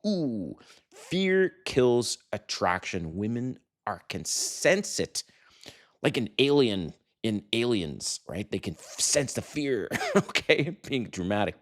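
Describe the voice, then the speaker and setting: A middle-aged man giving dating advice to camera in a brash, profane, animated way, acting out quotes. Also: fairly low pitch. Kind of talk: casual to-camera talk. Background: sirens outside.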